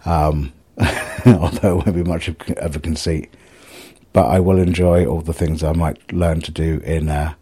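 Very deep, husky rambling man. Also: steady tone, moderate pace, mellow. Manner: rambling, self-mocking, sweary. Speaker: vlogger. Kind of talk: casual solo video diary.

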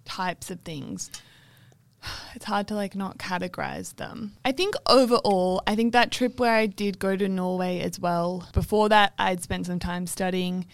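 A young woman with a gravelly, fry-laden voice at a middle pitch, chatting in a relaxed way and chiming in with short, supportive replies. The mic is close and the room sounds dry. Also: measured pace, no echo. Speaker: podcast co-host. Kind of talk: casual chat.

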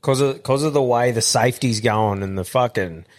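Blunt, swearing podcast host. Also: male voice, mid-range voice, moderate pace. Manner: blunt, swearing, laid-back. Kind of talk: casual chat.

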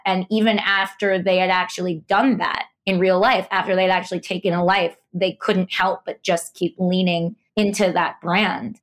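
A young woman reporter talks through online trends in a measured, analytical way. Her voice sits at a middle pitch, and she builds long, careful explanations. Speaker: podcast host and internet culture reporter. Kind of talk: conversational interview.

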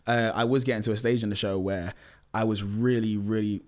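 A young man talks through his working routine in a relaxed interview. His voice sits fairly low, and he repeats himself and leans on easy fillers as he goes. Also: fairly quick. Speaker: guest, musical theatre actor. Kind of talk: casual interview chat.

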